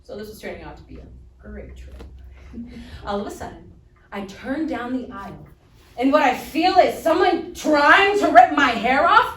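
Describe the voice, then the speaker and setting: High pitched lady telling stories live on stage, super expressive, mic far off. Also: moderate pace, slight background noise. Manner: animated, playful storytelling. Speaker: stage reader. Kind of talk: readers theater storytelling. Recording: roomy stage sound from a distant mic.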